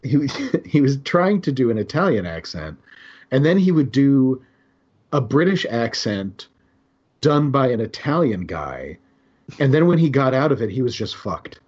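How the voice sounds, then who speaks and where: A man co-hosting a podcast in a loose, chatty way, rambling into asides and laughing at his own jokes. His voice is husky and breathy. The recording is dull and lo-fi. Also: medium pitch, sing-song, moderate pace, darkish tone. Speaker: podcast co-host. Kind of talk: casual chat.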